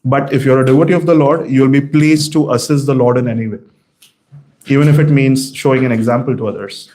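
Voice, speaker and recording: A man's voice: medium pitch, brisk. Man telling scripture stories. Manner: animated storytelling, many fillers. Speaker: class speaker. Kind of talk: scripture class talk. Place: temple hall.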